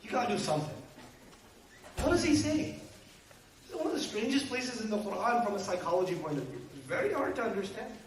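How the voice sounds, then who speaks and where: A middle-aged man lectures a live audience in a big hall, his fairly high voice bouncing around a very echoey room. He pushes his points with rapid rhetorical questions and wry jokes. The sound is picked up from some way off, with a faint hiss underneath. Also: far from the mic. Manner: animated, rhetorical questions, joking asides. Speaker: Islamic lecturer.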